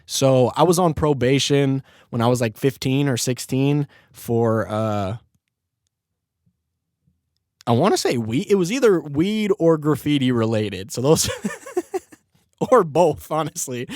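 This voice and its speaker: A man's voice: medium pitch, expressive, slow, pauses often, darkish tone, no room sound, studio quality. A young man hosting a podcast, telling a story in a laid-back way, laughing often and swearing freely. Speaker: podcast host. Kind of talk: casual storytelling.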